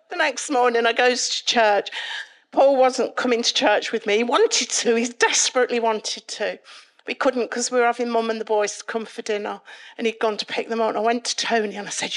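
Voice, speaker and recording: A middle-aged woman, giving a dramatic, lively personal testimony at a church event. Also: fairly quick. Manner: dramatic, lively retelling that climbs in pitch and volume. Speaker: guest speaker giving a testimony. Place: church worship event, live audience.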